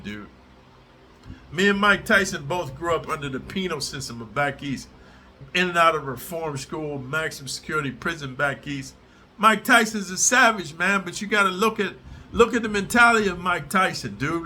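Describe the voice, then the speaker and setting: A man's voice: sits high, pushed and bright. A middle-aged man ranting at his audience in a profane, aggressive and confrontational way, as host of his own channel. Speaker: prison storyteller channel host. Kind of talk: profane direct-to-camera rant.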